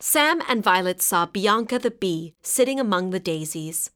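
A woman reading a children's story aloud, gentle and clearly paced. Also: medium pitch, expressive, moderate pace, faint music behind.

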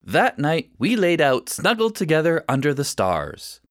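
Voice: medium pitch, sing-song, unhurried, no room sound, clean studio sound. A storyteller reading a first-person children's story aloud with expression.

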